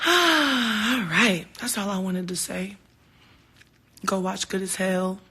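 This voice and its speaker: A woman speaks slowly in a mid-range voice with a breathy edge, chatting casually with fans through her phone camera. Her storytelling is animated, candid and heartfelt, peppered with swearing and quoted exchanges.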